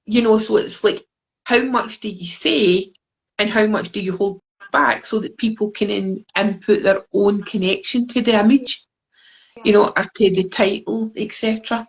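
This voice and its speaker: Woman, Scottish accent, gravelly voice, rambling interview storytelling, video call. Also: medium pitch, steady tone, moderate pace, rough recording. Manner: rambling, many fillers and restarts. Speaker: guest, deck creator.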